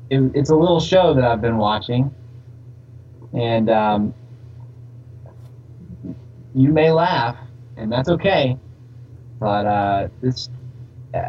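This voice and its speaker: A man's voice: mid-range voice, mellow, a little hiss or hum. Laid-back man on a dull, distant mic. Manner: enthusiastic, laid-back, hesitant with fillers. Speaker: podcast co-host. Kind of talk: casual chat.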